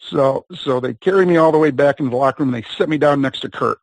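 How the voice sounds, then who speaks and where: A man's voice: mid-range voice, quick pace, no echo, rough recording. A man, a professional wrestler, telling a long anecdote in a casual, rambling way as an interview guest, with laughs and quoted voices. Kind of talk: casual storytelling.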